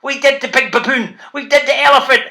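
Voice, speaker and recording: Brief: playful Scottish author hosting a kids' reading session, bright and punchy. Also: male voice, very high voice, fairly quick, gravelly. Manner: bouncy, playful, calls out to the kids. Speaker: children's author presenting a reading show. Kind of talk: lively talk to school classes.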